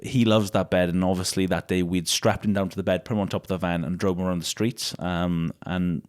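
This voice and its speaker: A young man from the UK, a guest on an interview show, telling stories in animated casual chat with laughs. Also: deep voice, fairly quick, smooth. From United Kingdom. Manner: storytelling, animated retellings with laughs.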